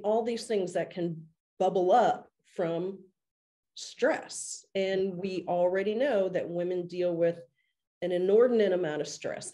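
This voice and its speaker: A woman's voice: fairly low pitch, dark tone. A woman co-hosting a podcast, talking earnestly and at length in a casual discussion, now and then laughing at herself. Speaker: podcast co-host.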